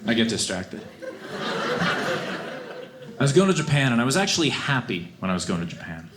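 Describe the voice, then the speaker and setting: A man performing a stand-up comedy set on a club stage, swinging between quiet deadpan and loud outbursts. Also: mid-range voice, brisk. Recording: live show with audible audience noise.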